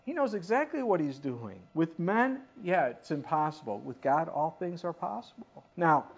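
A preacher giving a sermon in an animated way, often putting questions to the listeners. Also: mid-range voice, moderate pace, husky. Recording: dull lo-fi recording.

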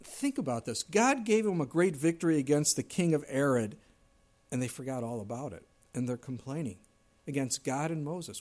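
A man's voice: fairly high pitch, lively intonation, normal speed, darkish tone. A middle-aged man preaching a sermon in a conversational way, now and then acting out whiny complaints in a raised voice. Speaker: pastor.

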